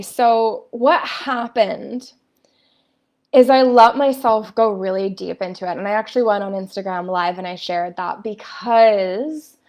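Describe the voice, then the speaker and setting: A woman's voice: mid-range voice, darkish tone. A woman in her thirties, a spiritual coach talking on a live stream in a candid, fiery way.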